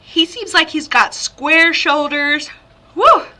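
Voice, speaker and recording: A woman psychic medium giving a chatty, rambling spirit reading over a video call, with sudden excited outbursts. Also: on the high side, normal speed, very noisy.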